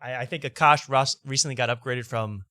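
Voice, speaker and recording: A man's voice: medium pitch, fairly quick, sharp tone, no echo, studio quality. A man hosting a talk show, ranting sarcastically over clips and repeating himself.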